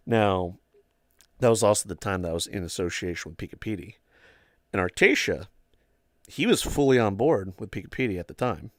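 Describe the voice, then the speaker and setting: A man's voice: lowish voice, expressive, brisk, pauses often, dry recording, studio quality. A young man hosting a livestream chat, telling long rambling stories full of "like" and "um". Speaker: livestream host. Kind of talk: casual storytelling chat.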